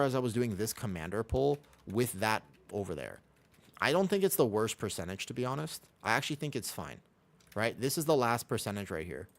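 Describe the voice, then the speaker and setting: An American man from Los Angeles, chatting casually on a live game stream, reading out and answering viewer questions. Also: mid-range voice. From Los Angeles, USA.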